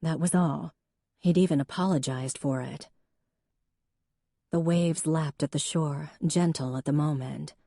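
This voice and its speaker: A woman narrating a romance novel in an even, intimate storytelling manner. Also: low voice, a little slow, vocal fry, long pauses, no room sound, clean studio sound. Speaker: audiobook narrator. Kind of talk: scripted narration.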